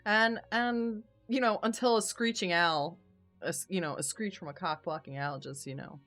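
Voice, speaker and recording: A woman's voice: lowish voice, normal speed, fairly bright tone, faint music behind. A woman author hosting a casual live-stream book chat, chatty and laughing often, with casual swearing. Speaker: author and host.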